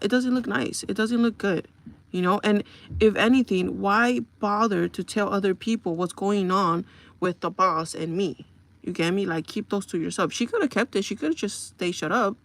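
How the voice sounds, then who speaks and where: A woman chatting live to her viewers, her voice carrying a steady gravelly fry. She vents in an exasperated, casual way and keeps turning to the audience to ask if they follow her. She sits in the middle of the usual pitch for a woman. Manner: exasperated, venting with repeated asides to the audience. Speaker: live streamer. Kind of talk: casual storytelling rant to viewers.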